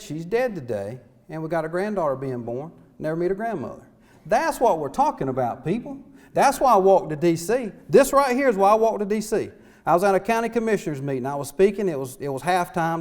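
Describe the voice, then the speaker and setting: In a conference hall, a middle-aged small-town mayor from North Carolina gives an impassioned, folksy speech packed with rhetorical questions. His voice is a little high with a darkish tone.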